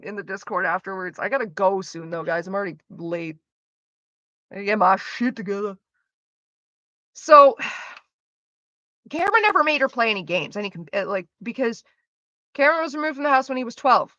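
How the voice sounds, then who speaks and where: Bright-voiced, foul-mouthed woman streamer ranting. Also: mid-range voice, dry recording, lo-fi sound. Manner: profane, ranting, sarcastic. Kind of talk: casual chat.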